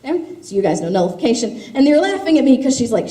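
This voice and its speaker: A woman's voice: sits high, sing-song, fast, dark tone. A woman giving an impassioned grassroots speech, telling stories with emphatic force. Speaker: grassroots activist speaker. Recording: echoey hall.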